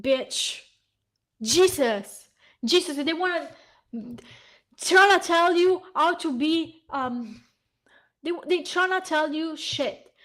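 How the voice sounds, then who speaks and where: High-pitched woman ranting angrily. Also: slow, pauses often, fairly bright tone. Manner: heated, profane, ranting while reading aloud. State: hoarse. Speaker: vlogger. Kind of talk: angry reaction rant.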